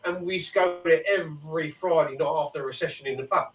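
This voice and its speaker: A man's voice: a little high, quick pace, a little hiss or hum. A man telling rambling, swear-filled stories in casual chat. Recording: echoey room, mic far off.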